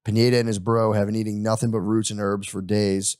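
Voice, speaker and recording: A man's voice: fairly low pitch, flat delivery, quick pace, a little mellow, clean tone, no echo, studio quality. A young man hosting a podcast, casually retelling a history story with crude humor and voiced quotes.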